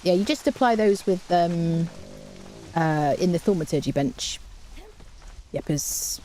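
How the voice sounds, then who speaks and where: A woman's voice: on the low side, expressive, measured pace, mellow, slight background noise. A woman streaming a game live, chatting casually with her viewers and humming little tunes to herself.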